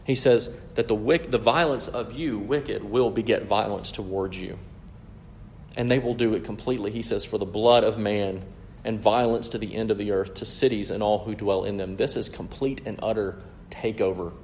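A man's voice: lowish voice, moderate pace, darkish tone, a little hiss or hum. A man preaching an expository sermon in an emphatic, explanatory way, often checking in with "right?".

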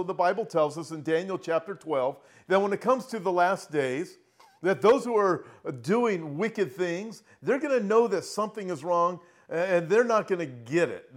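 Earnest preaching man, a bit high. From Southern California. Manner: earnest, emphatic, slows down and rises when reading scripture. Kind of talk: online prophecy sermon.

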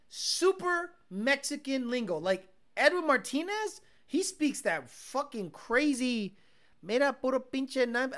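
Blunt, bright-voiced woman streamer. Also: medium pitch. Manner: blunt, profane, code-switching with Spanish slang. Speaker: streamer and car enthusiast host. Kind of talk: casual livestream chat reading comments.

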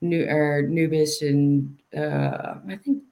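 A man with a gravelly edge to his voice tells long, wandering stories in casual conversation. He laughs often, with plenty of fillers and restarts as he goes. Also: fairly high pitch, level tone, slow, mellow. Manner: rambling storyteller, laughs often. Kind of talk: casual chat.

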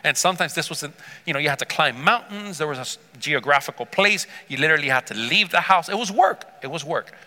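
A man preaching a sermon, retelling a Bible story with lively character voices and calling on the congregation to respond. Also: fairly high pitch, fast talker. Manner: engages congregation with call-and-response. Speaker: pastor. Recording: reverberant church hall.

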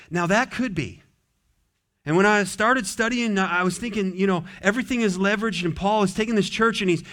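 A man, pitched a bit higher than most men, preaches in a loose, conversational way. He slips into quoted voices and little acted scenes as he goes. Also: a bit bright. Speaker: pastor. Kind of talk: sermon.

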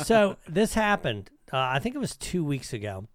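A man's voice: a little high, sing-song, moderate pace, dry recording. A man co-hosting a podcast, telling a profane story in casual chat and laughing often. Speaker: podcast co-host.

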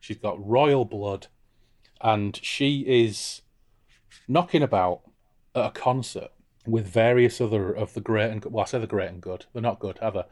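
A man's voice: lowish voice, moderate pace, a little mellow. A man hosting a casual book discussion podcast, irreverent and jokey. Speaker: podcast host.

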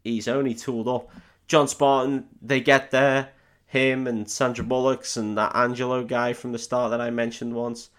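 A man's voice: medium pitch, little pitch movement, moderate pace, fairly bright tone. A man co-hosting a podcast, recapping a film in crude, sweary, laughing storytelling. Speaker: podcast co-host.

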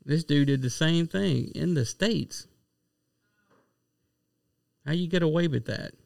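A man reading out a report and then arguing loudly in casual chat, swearing freely and pushing his point. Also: a little high, slow pace, gravelly, no echo, studio quality. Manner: blunt, loud, argumentative, swears a lot.

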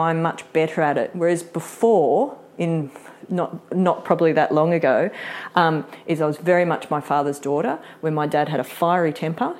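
A chatty, middle-aged woman teaches a live workshop in a fairly low voice. She laughs easily and slips into acted-out quotes as she explains. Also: darkish tone. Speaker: workshop presenter.

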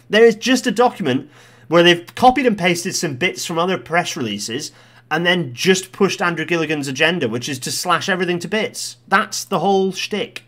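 A man working through a report line by line, blunt, exasperated and willing to swear. His voice is very lively and swings freely in pitch. He breaks into loud, heated rants. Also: normal speed. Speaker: commentator. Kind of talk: commentary on a policy report.

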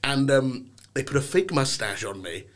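A man's voice: medium pitch, normal speed, a little hiss or hum. A young man from England, a podcast guest telling stories in a casual chat with a theatrical, playful manner. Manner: theatrical, animated storytelling with playful put-on voices.

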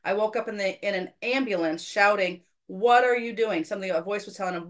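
Casual podcast host: a woman sharing a church story, earnest, a bit self-mocking, mid-pitched. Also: a little fast, few pauses. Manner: earnest, self-deprecating, quotes people in her story. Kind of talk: casual faith conversation, storytelling.

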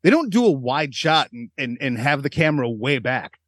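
A man's voice: mid-range voice, moderate pace, dry recording, studio quality. A man co-hosting a podcast, telling crude stories in casual chat with a lot of laughter. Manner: crude, animated storytelling with frequent laughs. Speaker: podcast co-host.

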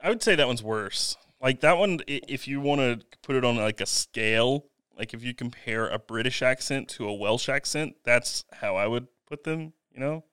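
Smooth-voiced man, dry teasing chat. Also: mid-range voice, animated, normal speed, few pauses, fairly bright tone, no room sound. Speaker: podcast co-host. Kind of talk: casual chat.

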